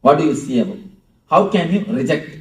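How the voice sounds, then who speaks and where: A man's voice: fairly high pitch, lively intonation, a little fast. Man, spiritual teacher in a live talk, playful and chuckling; roomy echo, mic far off. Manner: playful, chuckling, talks with audience.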